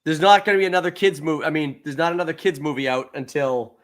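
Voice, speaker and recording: Excitable man co-hosting a podcast. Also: fairly high pitch, fast talker. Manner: loud, laughs easily, swears casually. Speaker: podcast co-host. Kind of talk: casual chat.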